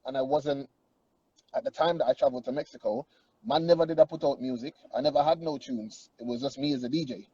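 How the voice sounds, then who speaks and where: A young man answers radio interview questions in an easy, joking way, full of slang. His voice is husky and mellow, and the recording sounds slightly muffled. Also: mid-range voice, fast, no room sound. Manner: laid-back, joking, slangy. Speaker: interview guest, DJ and artist.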